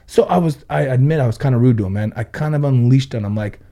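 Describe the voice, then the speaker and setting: On a casual podcast, a car audio shop owner in his thirties from Ventura County, Southern California, spins crude, straightforward stories, acting out the back-and-forth in quotes. He speaks quickly with a medium-pitched, dark voice marked by vocal fry.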